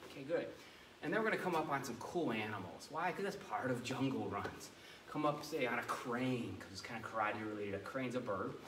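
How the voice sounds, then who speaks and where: A man's voice: medium pitch, lively intonation, fairly quick, noisy background. A male martial arts instructor leading a children's class with commanding, playful energy. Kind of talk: kids' karate class instruction. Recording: echoey room heard from a distance.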